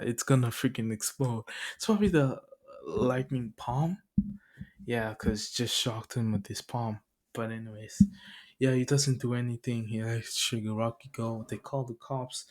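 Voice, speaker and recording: A man's voice: mid-range voice, a little mellow. A young man casually retelling a cartoon story in his own words, rambling and chuckling as he goes.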